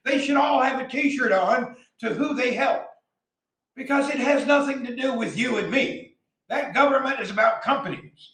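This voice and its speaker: A man from the American South with a Southern accent, delivering a blunt, heated opinion rant as a vlogger and often shouting. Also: very high-pitched, animated, moderate pace, reverberant, distant mic, poor audio.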